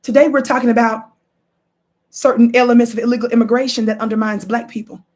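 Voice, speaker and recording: A woman's voice: fairly high pitch, steady tone, fast talker, a little mellow. A woman hosting a livestream, reading passages from a book and stressing key points for her viewers. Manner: emphatic, addresses viewers directly, repeats key quotes. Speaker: livestream host. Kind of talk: live commentary reading from a book.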